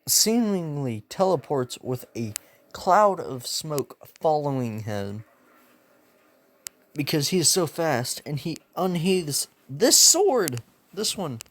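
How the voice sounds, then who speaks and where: Slow, rambling young man telling a story. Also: a little high, big pitch swings. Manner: rambling, slangy, laughs at his own jokes. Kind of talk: casual fan-fiction storytelling.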